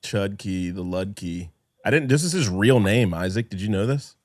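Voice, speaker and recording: A man with a fairly low voice hosting a podcast, dry and close on the mic. He talks in loose, joking, provocative banter. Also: expressive, moderate pace, dry recording. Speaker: podcast host. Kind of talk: casual podcast chat.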